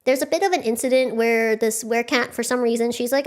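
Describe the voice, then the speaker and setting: A young woman with a bright, high voice talks through a novel for her stream. She chats casually, laughs often and slips into the characters' lines as she recaps. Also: quick pace, hardly any pauses. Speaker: book club streamer. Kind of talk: casual book recap and chat.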